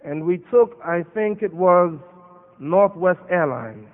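A man's voice: sits high, animated, takes it slowly. An American man giving an impassioned sermon at a Muslim conference, quoting Arabic verses. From United States. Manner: impassioned preaching with Arabic quotations. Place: large conference hall. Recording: phone-like sound with long hall reverb.

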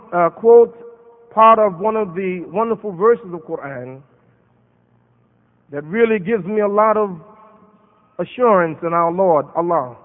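An American man giving an impassioned sermon at a Muslim conference, quoting Arabic verses. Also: sits high. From United States. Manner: impassioned preaching with Arabic quotations. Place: large conference hall. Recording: phone-like sound with long hall reverb.

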